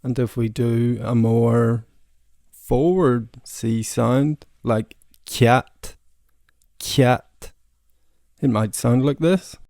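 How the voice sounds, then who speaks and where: A man's voice: mid-range voice, slow, vocal fry, dark tone, no echo, studio quality. A man who is a language learner, giving a casual pronunciation lesson and repeating sounds to demonstrate them.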